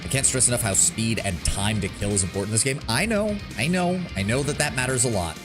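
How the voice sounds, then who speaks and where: A man's voice: mid-range voice, expressive, quick pace. Wry, swearing male game streamer. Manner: swearing, reacting aloud, wry. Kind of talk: gameplay commentary. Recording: game music loud under voice.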